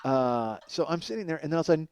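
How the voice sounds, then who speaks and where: A male comedian hosts a solo storytelling monologue with a fairly high, very lively voice. His delivery is loose and profane, and laughter keeps breaking into his sentences. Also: racing. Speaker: comedian host.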